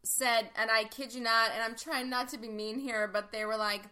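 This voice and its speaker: A woman's voice: on the high side, steady tone, moderate pace, sharp tone. A woman co-hosting a casual chat podcast, telling stories animatedly and laughing often. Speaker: podcast co-host.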